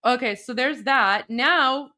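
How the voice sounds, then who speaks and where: Brief: woman host, high pitch, eager and exclamatory, casual reaction commentary. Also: slow. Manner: excitable, exclamatory, talks to viewers.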